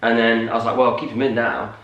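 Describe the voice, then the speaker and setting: A man from North West England with a Lancashire accent, chatting casually about auditions in an animated, friendly way. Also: medium pitch, fast talker, distant mic, highs cut off. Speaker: co-host, musical theatre performer. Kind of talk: casual morning chat. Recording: roomy, from off-mic.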